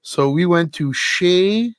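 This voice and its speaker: A man's voice: sits high, slow pace, smooth, no room sound, clean studio sound. Chatty man telling a story. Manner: storytelling, laughs often, animated retelling. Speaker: podcast host. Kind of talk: casual chat.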